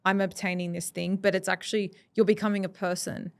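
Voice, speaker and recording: A woman's voice: medium pitch, level tone, fairly quick, creaky. A woman hosting a podcast, talking in a reflective, encouraging way with many fillers. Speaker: podcast host. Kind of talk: casual interview chat.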